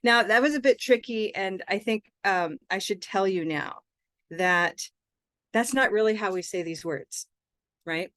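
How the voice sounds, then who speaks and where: A woman's voice: mid-range voice, measured pace, fairly bright tone, no room sound, clean studio sound. A woman, leading a live online pronunciation lesson and patiently modeling words for learners to repeat. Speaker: English pronunciation teacher.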